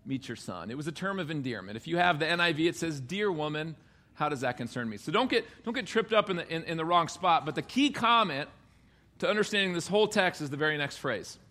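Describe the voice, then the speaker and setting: Bright-voiced joking pastor preaching. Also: male voice, fairly high pitch, animated, fast. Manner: conversational, joking preacher acting out quotes. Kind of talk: sermon.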